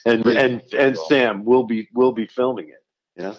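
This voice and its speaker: A man's voice: mid-range voice, steady tone, a little slow, lo-fi sound. A man in a casual podcast chat who agrees and chimes in with short replies.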